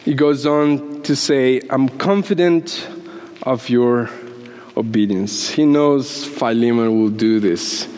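A man preaching a sermon in an animated way, laughing as he acts out quotes and often repeating words. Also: mid-range voice, takes it slowly, slight background noise. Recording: long hall reverb.

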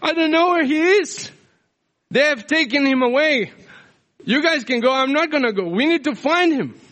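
A man's voice: expressive, moderate pace, a bit bright. A man voicing a grieving woman disciple who refuses to leave, pleading and insistent. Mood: desperate. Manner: pleading, insistent, high and strained.

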